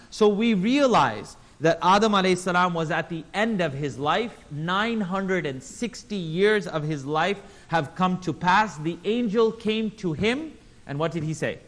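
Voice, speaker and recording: A man with a somewhat high voice teaches a religious class in an animated way. He slips into little voices for the people in his stories and keeps firing questions at his listeners. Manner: animated, acts out quotes in voices; engages audience with questions. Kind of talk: Islamic class lecture.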